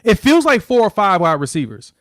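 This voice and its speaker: Guy chatting college football, kinda high voice, dry mic, thinks out loud. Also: very animated, brisk, no echo. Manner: thinks aloud, self-correcting. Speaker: co-host. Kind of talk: casual sports chat.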